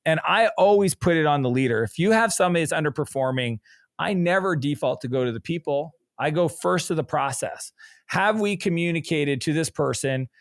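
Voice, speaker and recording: A middle-aged man speaking as a business coach in a conversational interview, an energetic storyteller who jumps into animated quoting of others. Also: fairly high pitch, fairly quick, no room sound, clean studio sound.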